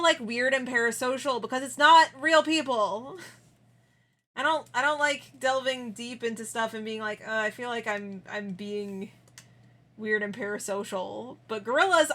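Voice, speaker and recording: A woman's voice: high voice, bright, forceful tone. A young woman streamer chatting casually with her viewers, giggling often and trailing off into restarts.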